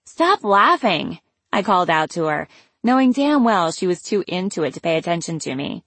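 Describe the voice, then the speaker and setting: A woman with a fairly low voice reads a novel in the first person, wry and casual. The sound is close and completely dry. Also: expressive, fairly quick, no room sound. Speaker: audiobook narrator.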